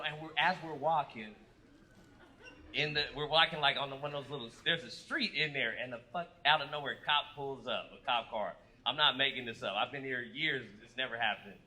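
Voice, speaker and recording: A man performing a stand-up comedy set, telling stories with lively acted-out quotes. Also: medium pitch, fairly quick, poor audio. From United States. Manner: animated storytelling with acted-out quotes. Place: comedy club stage with live audience. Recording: live club recording with audience noise.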